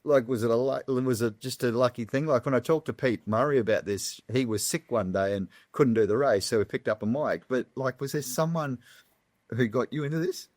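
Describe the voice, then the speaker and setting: A man's voice: medium pitch, brisk, a little mellow, no room sound, clean studio sound. A male podcast host who asks eager, rambling questions in an interview. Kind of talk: interview conversation.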